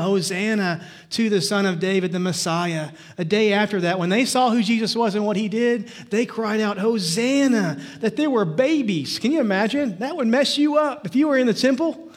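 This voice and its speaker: Pastor guy preaching, pretty high voice, gets loud then drops way down quiet. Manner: emphatic preaching, swinging between loud rises and quiet drops. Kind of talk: sermon.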